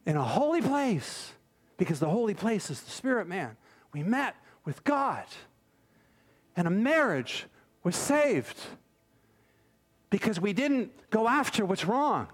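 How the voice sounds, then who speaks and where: A man preaching a sermon, telling a story with an animated delivery that moves between urgent and hushed. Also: high-pitched, slow pace, pauses often, breathy edge.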